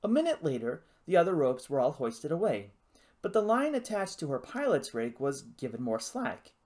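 Storybook narrator, expressive and animated in pitch, reading adventure prose. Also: moderate pace. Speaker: audiobook narrator. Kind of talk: scripted narration.

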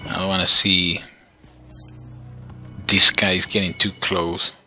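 A man giving excitable let's play commentary on a strategy game, talking straight to his viewers and chuckling often. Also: low-pitched, slow pace, faint music behind. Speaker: gameplay commentator.

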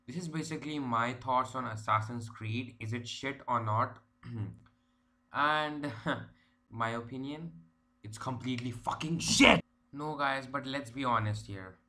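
Male gaming vlogger, mid-pitched voice, ranting, profane, stumbling over his words. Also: sharp tone. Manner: profane, exasperated rant with many restarts. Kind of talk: casual ranting vlog.

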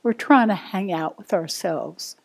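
A woman meditation teacher, giving a gentle, unhurried dharma talk to a group. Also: fairly low pitch, vocal fry.

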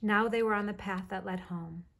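A woman narrating a children's storybook in a soft, measured way with a breathy voice. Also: mid-range voice, steady tone.

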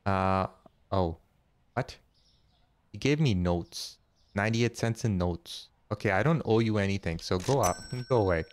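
A man hosting a casual let's-play, chatty and jokey, thinking aloud and counting money out loud as he goes. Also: lowish voice, measured pace. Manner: jokey, easily startled. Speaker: gaming channel host.

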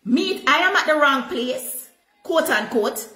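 A Jamaican woman pastor preaching a sermon, slipping into patois with animated delivery. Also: sits high, unhurried, roomy sound, soft background music, low-quality recording.

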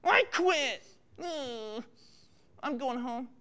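A man's voice: extremely high pitch, lively intonation, drawn-out words, pushed and bright, slight background noise, exaggerated voice. A man shrieking as a foul-mouthed woman director. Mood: grumbling. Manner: cursing, ranting, shrieking. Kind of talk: comedic impression. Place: TV studio.

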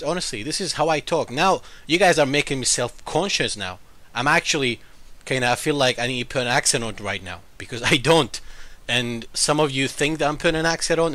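A man's voice: mid-range voice, sharp tone, no echo. A man with an unusual mixed accent, talking casually to viewers as a gaming YouTuber and explaining things at length. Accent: unusual mixed accent that viewers comment on. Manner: talkative, explains at length, defends himself. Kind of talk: casual game commentary to viewers.

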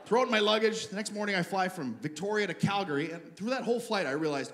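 On a comedy club stage, a Canadian stand-up comedian with a high voice tells a story at a brisk clip. He's animated and bursts into shouting, captured in a live recording with audience noise.

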